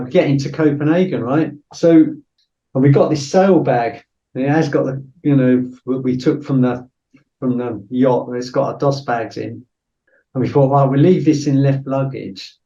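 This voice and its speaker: Speaking at a measured pace in a mellow, mid-range voice with fairly even intonation, a middle-aged former soldier from Britain shares a story as a podcast guest. He is blunt, swears freely, and fills his talk with "you know" in this casual storytelling interview, recorded on a distant, dull mic in a roomy space.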